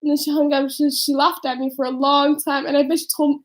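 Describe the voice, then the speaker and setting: A woman's voice: high-pitched, flat delivery, a little fast. A young woman chatting casually with her sister, telling stories in a chatty, giggly way. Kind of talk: casual chat.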